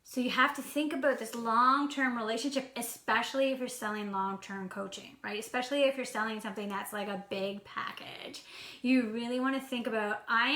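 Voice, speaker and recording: Bubbly fast-talking woman coach, echoey room. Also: on the high side, pushed and bright. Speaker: sales coach. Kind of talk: casual live stream talk. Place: indoor room at home.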